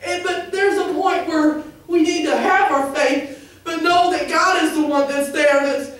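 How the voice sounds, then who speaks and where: Very high-voiced Southern Illinois woman testifying. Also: steady tone, far from the mic. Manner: earnest, halting with many restarts, rising into fervent cries. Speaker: church member giving testimony. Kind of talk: emotional church testimony. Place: church sanctuary. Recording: very echoey church, recorded from afar.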